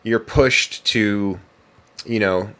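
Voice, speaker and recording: A man's voice: on the low side, very slow, fairly bright tone. A man co-hosting a parenting podcast, chatting casually and rambling with lots of fillers and restarts. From United States. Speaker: podcast co-host. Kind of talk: casual chat.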